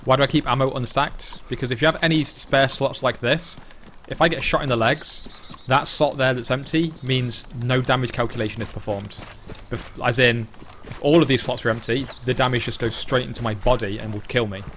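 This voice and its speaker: A man's voice: medium pitch, fairly even intonation, brisk, few pauses, fairly bright tone, a little hiss or hum. A man streaming a game live, explaining mechanics bluntly and swearing casually as he plays. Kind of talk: live gameplay commentary.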